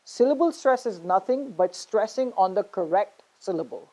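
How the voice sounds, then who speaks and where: A woman's voice: medium pitch, expressive, moderate pace, dark tone, poor audio. A woman teaching a spoken English class, explaining step by step in an encouraging way with many fillers. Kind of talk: online spoken English lesson.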